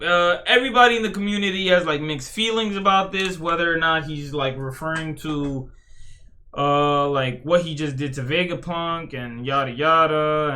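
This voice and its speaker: A man's voice: a little high, bright, forceful tone. A young man giving casual, rambling commentary as a streamer, swearing a lot and restarting his sentences. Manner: rambling, profane, full of fillers and restarts.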